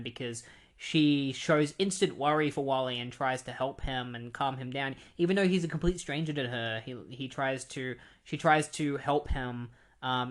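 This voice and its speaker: A man casually recapping a comic book plot, rambling with many fillers. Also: medium pitch. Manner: rambling, many ums and likes. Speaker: comic book retrospective host.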